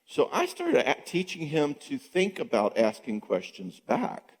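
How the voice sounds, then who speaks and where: A middle-aged man with a fairly high, slightly breathy voice takes an unhurried pace in a conversational teaching talk at a marriage conference. He's animated, performing spouses' lines, and his voice rings with long reverb in a church hall.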